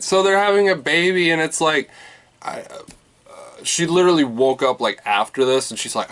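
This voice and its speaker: Casting: male vlogger, slightly high voice, ranting and cursing, loose and rambling. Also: animated, moderate pace, fairly bright tone. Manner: exasperated, swearing, lots of fillers. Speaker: movie reviewer. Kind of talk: casual vlog rant.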